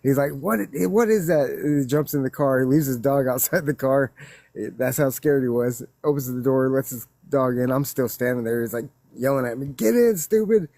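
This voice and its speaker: A man telling a witness story in a loose, rambling way, laughing and growing excited as he recounts it. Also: medium pitch, normal speed, dry recording. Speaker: witness guest. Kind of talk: casual storytelling.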